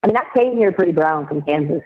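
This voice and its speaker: A woman's voice: low-pitched, animated, fast talker. A woman in a laid-back, teasing phone chat about her day. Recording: tinny prison phone line.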